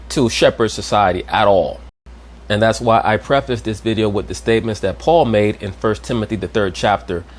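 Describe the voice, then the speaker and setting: A man giving a lecturing commentary, didactic and checking in with his listeners. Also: fairly low pitch. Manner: didactic, repeats "you understand?".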